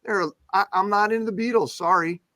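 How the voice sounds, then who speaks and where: Bright-voiced joking male co-host. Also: high voice, fairly even intonation, fairly quick, no room sound. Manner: joking, sarcastic. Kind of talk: casual radio talk.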